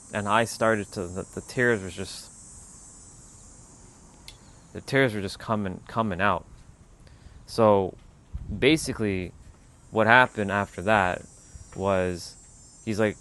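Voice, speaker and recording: A man hosting a spiritual livestream, telling a personal story in a relaxed, rambling way with lots of "like.". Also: fairly low pitch, slow, long pauses.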